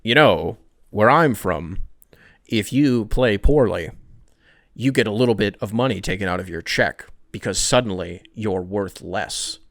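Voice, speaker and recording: Guy doing a deadpan low-voiced ball player impression, quiet and drawling. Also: measured pace, dry recording, clean studio sound. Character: impression of a low, laid-back male basketball star.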